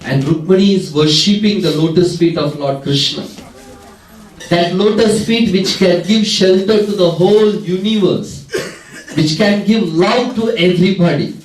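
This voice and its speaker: A man preaching a devotional sermon in a chatty, lively storytelling way with teasing asides, recorded in a festival hall. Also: sits high. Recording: roomy hall, distant mic.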